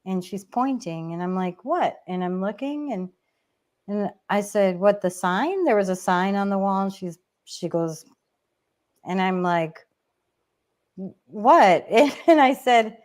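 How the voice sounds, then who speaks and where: A woman's voice: medium pitch, expressive, measured pace, a little mellow. A woman co-hosting a casual online chat, telling personal stories and reading viewer comments, getting emotional and laughing often. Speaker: co-host.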